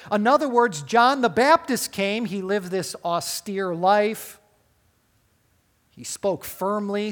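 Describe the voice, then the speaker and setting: Preacher in mid-range voice, emphatic sermon delivery, keeps quizzing the congregation. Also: medium pitch. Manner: asks the listeners frequent rhetorical questions; emphatic, with wide swings in loudness. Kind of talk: sermon on a Bible passage.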